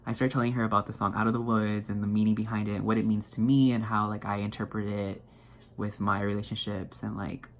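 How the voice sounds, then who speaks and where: A young man telling a story to his viewers in an excited, rambling way, full of fillers and restarts. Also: on the low side, brisk. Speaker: vlogger. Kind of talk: casual storytelling to camera.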